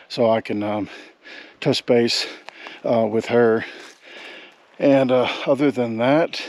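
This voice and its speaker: A man's voice: medium pitch, darkish tone, dry recording. A man, out of breath while hiking a forest trail, talking to his vlog camera in a rambling, folksy way. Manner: rambling, self-correcting, folksy. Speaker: outdoor vlogger. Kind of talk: casual hiking vlog talk.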